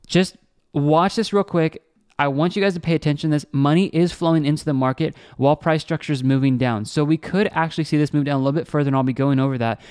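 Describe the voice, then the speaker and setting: Upbeat man, smooth dry voice. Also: a little high, a little mellow, no room sound. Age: adult. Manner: upbeat, keeps calling viewers "guys" and checking in with "okay?". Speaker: online trading channel host. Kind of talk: casual chart walkthrough addressed to viewers.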